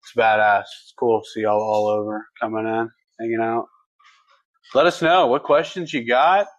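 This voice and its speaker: A man's voice: medium pitch, fairly even intonation, moderate pace, no room sound, lo-fi sound. A man co-hosting a livestream, chatting casually and folksily as he reads viewer comments. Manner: laid-back, folksy, laughs easily. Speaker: livestream co-host.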